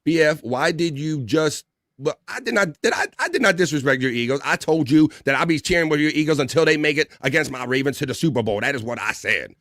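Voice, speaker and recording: A man hosting a casual livestream talk show, reading out viewer comments in a relaxed, rambling way with lots of fillers. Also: a little high, fast, dry recording, clean studio sound.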